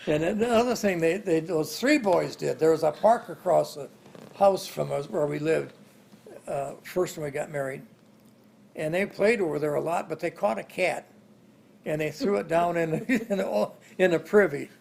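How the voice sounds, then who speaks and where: A man's voice: a little high, moderate pace, creaky, darkish tone, a little hiss or hum. An older man in an interview, telling rambling family stories and chuckling along the way. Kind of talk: oral history storytelling.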